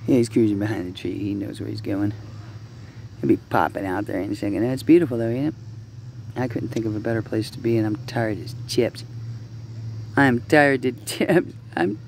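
A man's voice: on the low side, moderate pace, gravelly, long pauses, a little hiss or hum. Rambling man filming outdoors in a park. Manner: loose and rambling, many fillers like "you know"; coos at ducks in a raised, playful voice. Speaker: vlogger. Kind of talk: casual rambling vlog. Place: outdoors in a city park by a pond.

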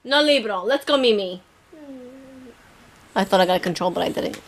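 A woman's voice: medium pitch, animated, normal speed, slight background noise. A young woman filming a casual family vlog at home at night, playful and teasing, laughing often. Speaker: vlogger.

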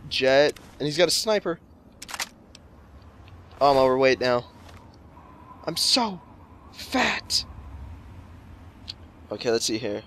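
A man's voice: mid-range voice, very animated, slow, long pauses, fairly bright tone, slight background noise. A man casually commenting on gameplay, jokey and rambling with lots of swearing. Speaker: let's play host.

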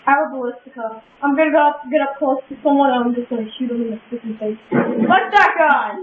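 A woman chatting casually while playing a shooter game, excitable and trash-talking with loud yelps. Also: sits high, fast talker. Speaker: gamer. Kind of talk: casual gameplay chat. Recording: tinny lo-fi audio with echo and hiss.

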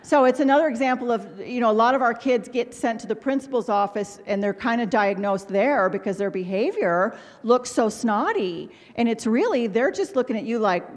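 A middle-aged woman giving a personal storytelling talk as a symposium speaker, animated and self-deprecating with quick asides. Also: on the high side. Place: large ballroom. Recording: long reverb of a ballroom.

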